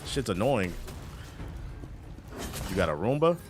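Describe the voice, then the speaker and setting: A man's voice: on the low side, slow, slight background noise. A man streaming a game, chatting casually and profanely with his chat while he plays. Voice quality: profane, loose and animated.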